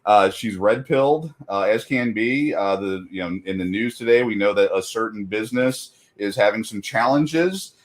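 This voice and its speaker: A man's voice: fairly low pitch, normal speed, few pauses. A middle-aged man chatting casually as a guest, rambling with lots of fillers and laughing at himself often. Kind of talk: casual chat.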